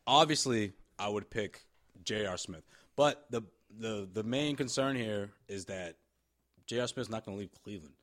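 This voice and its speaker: A man's voice: fairly low pitch, normal speed, fairly bright tone. A man co-hosting a sports podcast in casual chat, joking and talking over the others. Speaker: podcast co-host.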